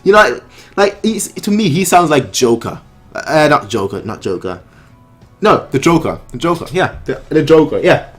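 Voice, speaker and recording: A man hosting a manga reaction, reading panels aloud and commenting excitedly, often repeating himself. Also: moderate pace, slightly rough, soft background music. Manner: excitable, repeats himself, reads dialogue in a lower voice.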